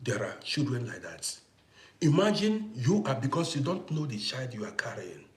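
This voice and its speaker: Young male streamer. Forceful, preachy delivery. Mid pitch, roomy echo. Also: big pitch swings, moderate pace. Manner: forceful, preachy, thanks viewers for gifts. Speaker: live stream host. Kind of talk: casual livestream monologue.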